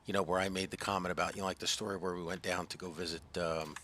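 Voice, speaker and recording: A man's voice: low voice, little pitch movement, fast, pushed and bright. A man from the US East Coast chatting casually while gaming, rambling with lots of fillers. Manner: rambling storyteller, many fillers. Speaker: gaming channel host. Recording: noisy background hiss.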